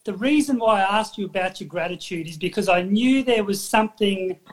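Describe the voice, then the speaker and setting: A man's voice: sits high, brisk. A man hosting a podcast, talking in an enthusiastic, encouraging way. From Australia. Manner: enthusiastic, encouraging, backchannels often. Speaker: podcast host. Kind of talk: casual interview chat.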